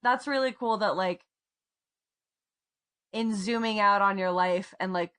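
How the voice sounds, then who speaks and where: A woman's voice: mid-range voice, unhurried, a bit bright. Earnest woman podcaster in her thirties. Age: 30s. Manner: earnest, heartfelt, laughs often. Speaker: podcast co-host. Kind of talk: casual chat.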